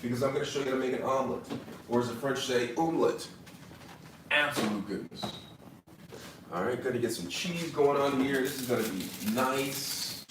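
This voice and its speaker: A man's voice: mid-range voice, fairly quick, noisy background. A man doing a casual cooking demo in his kitchen, hamming it up with mock-serious tips and repeated catchphrases. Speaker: cooking vlogger. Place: home kitchen.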